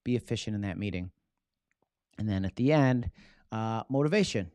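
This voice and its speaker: A man hosting a live stream on public speaking, teaching in an energetic, casual way and often checking in with "right?". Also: on the low side, moderate pace, long pauses, dry recording, studio quality.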